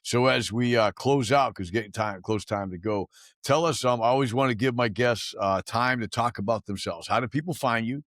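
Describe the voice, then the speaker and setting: A man's voice: mid-range voice, normal speed, a bit bright, no room sound, studio quality. A man hosting a podcast, praising his guest and asking earnest closing questions. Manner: encouraging, earnest wrap-up questions. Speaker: podcast host. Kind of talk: casual interview chat.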